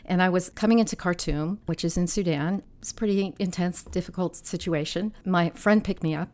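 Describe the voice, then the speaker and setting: Lively woman in her sixties. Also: lowish voice, fairly quick. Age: 60s. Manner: lively storyteller, animated anecdotes. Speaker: guest filmmaker and activist. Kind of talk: casual interview conversation.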